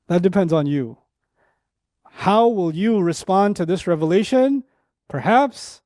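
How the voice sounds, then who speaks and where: Male Quran teacher, middle-aged, lecture sermon; lifted pitch, story-driven and emphatic. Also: dry recording, studio quality. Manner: animated storytelling with quick asides and repetitions.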